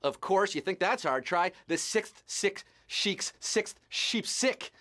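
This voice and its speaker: A man hosting a live quiz show, reading out questions and answers with a steady stream of puns and jokes. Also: high-pitched, slow. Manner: punning, joking, playful.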